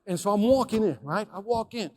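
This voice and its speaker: Man from Chicago, motivational sales speaker, fairly high voice; dramatic keynote storytelling, hushed to loud, lots of reverb from a large hall. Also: fairly quick. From Chicago, USA. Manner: animated, swings between hushed and loud, addresses the audience directly.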